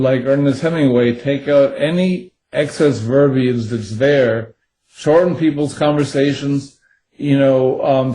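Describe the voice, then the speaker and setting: A man's voice: mid-range voice, dark tone, slight background noise, low-quality recording. A man, a thriller co-author, answering interview questions in a rambling way with many fillers.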